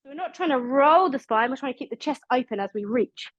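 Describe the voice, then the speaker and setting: Upbeat high-voiced British fitness instructor. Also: female voice, lively intonation, quick pace, dry recording. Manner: upbeat, encouraging, counts down reps. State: slightly out of breath. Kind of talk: live online exercise class coaching.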